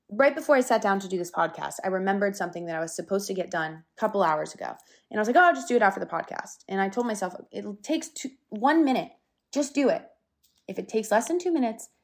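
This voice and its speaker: A young woman hosting her own podcast in a casual solo talk, chatty and candid, swearing now and then and a little breathless. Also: mid-range voice. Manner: lively, sometimes breathless. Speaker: podcast host.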